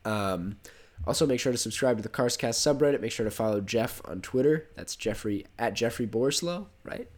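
A young man with a cold hosts a casual podcast at normal speed, his mid-range voice expressive. He rambles, corrects himself, and laughs easily.

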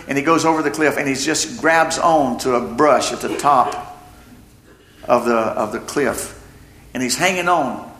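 A man preaching a sermon, telling stories with animated delivery and acting out the voices in quotes. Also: medium pitch, reverberant.

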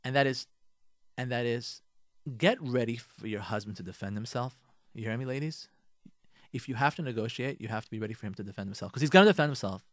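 A man's voice: mid-range voice, lively intonation, quick pace, dry recording, studio quality. A man hosting a radio advice talk. He speaks emphatically, repeats his key points, speaks straight to his listeners and drops in Hebrew and Yiddish religious words. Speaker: radio host giving marriage advice.

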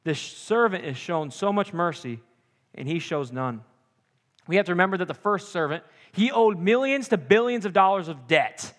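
A young man preaching a sermon with animated, joking asides. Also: high-pitched, moderate pace. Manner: animated, jokey asides and acted-out quotes. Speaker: pastor. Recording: long hall reverb.

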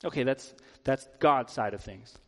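A man's voice: mid-range voice, unhurried, fairly bright tone. A man giving a sermon as a guest preacher in a church, talking in a conversational way with casual filler words. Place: church sanctuary. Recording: long hall reverb.

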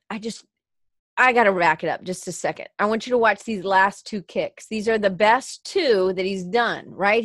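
A woman's voice: mid-range voice, fairly bright tone, dry recording, studio quality. A woman hosting a podcast, tearful and talking in a rambling, heartfelt motivational monologue. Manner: rambling with restarts and filler words. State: teary, crying. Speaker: podcast host.

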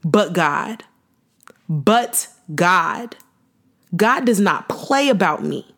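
A woman's voice: fairly low pitch, animated, drawn-out words, creaky, fairly bright tone. A young woman hosting a podcast, giving an impassioned faith testimony in a repetitive, slangy preaching cadence. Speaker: podcast host.

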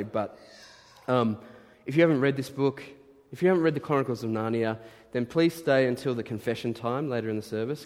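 Guy giving a sermon, casual and self-mocking, echoey church sound. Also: medium pitch. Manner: chatty and playfully self-deprecating. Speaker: preacher. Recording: long reverb in large hall.

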